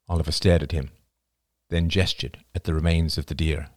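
A man narrating a novel as an audiobook reader, in a measured, even storytelling manner. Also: extremely low pitch, dry recording, studio quality. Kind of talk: scripted narration.

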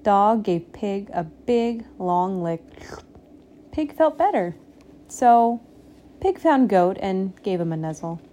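A woman reading a picture book aloud, slow and expressive, giving the animals little voices. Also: mid-range voice. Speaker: storybook reader.

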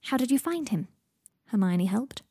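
A weary, gentle young man, quiet and wry, as a woman reads him. His lines come out hushed, mellow and a little breathy. The sound is close and dry. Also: very animated, normal speed, no echo, full character voice. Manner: low-key, hushed, dry humor.

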